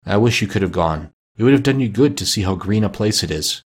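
A man voicing a gentle, grieving Victorian clerk and father in a tender, earnest audiobook reading. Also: lowish voice, animated, quick pace, breathy edge.

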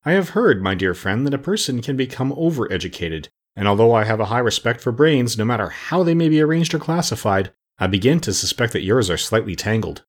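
A man's voice: mid-range voice, sing-song, brisk, hardly any pauses. A man voicing a kindly, polite male scarecrow who speaks earnestly.

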